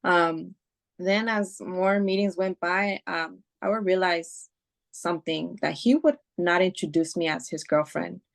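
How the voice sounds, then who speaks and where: Lowish-voiced woman telling a story. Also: measured pace, vocal fry. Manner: emotional retelling, swears freely, many fillers. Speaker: podcast guest. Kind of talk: casual storytelling chat.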